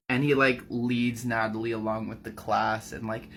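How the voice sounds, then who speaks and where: A man's voice: lowish voice, level tone, moderate pace, hardly any pauses, a bit bright, a little hiss or hum. A man casually recapping a book at home, chatty and full of fillers. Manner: chatty, filler-heavy, shifting volume. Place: apartment.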